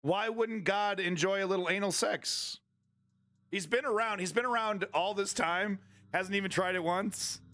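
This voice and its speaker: A man's voice: high voice, normal speed, sharp tone, no room sound. A man commenting on news during a livestream, talking in a crude, irreverent and mocking way.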